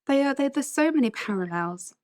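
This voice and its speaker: A woman's voice: high voice, lively intonation, a little fast, no room sound, studio quality. A middle-aged woman, hosting a podcast interview and asking reflective, empathetic questions in a chatty, self-deprecating way. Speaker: podcast host.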